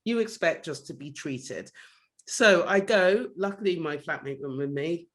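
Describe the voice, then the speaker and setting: A young man from London, co-hosting a podcast, tells his stories in an animated casual way and swears when he recounts anger. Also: a little high, measured pace. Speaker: podcast co-host. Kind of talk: casual chat.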